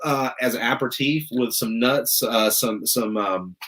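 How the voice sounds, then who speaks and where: A man's voice: mid-range voice, unhurried, a bit bright. A man from the American South hosting a casual wine show, explaining with rambling restarts and jokey asides.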